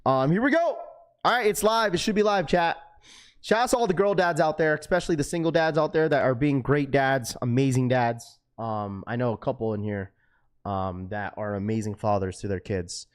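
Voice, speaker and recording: A man in his thirties hosting a sneaker livestream, chatting casually and excitedly with viewers in slang, with the odd swear word. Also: medium pitch, normal speed, clean tone.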